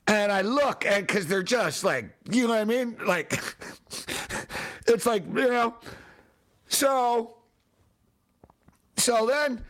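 A man hosting his own show, telling a rambling, exasperated story in a casual, animated way, full of fillers. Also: very high voice, slow pace, pauses often. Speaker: show host.

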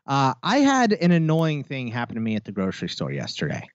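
A podcast co-host with a mid-range male voice speaks fairly quickly, telling a story in casual chat and acting out its people in quoted voices. The audio is dull, with no room sound.

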